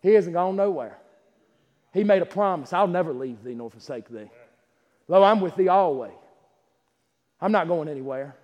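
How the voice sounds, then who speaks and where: A man preaching a sermon, who swings from loud climaxes to quiet asides and laughs while telling stories. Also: sits high, lively intonation, moderate pace, pauses often, lo-fi sound. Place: church sanctuary. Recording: long hall reverb.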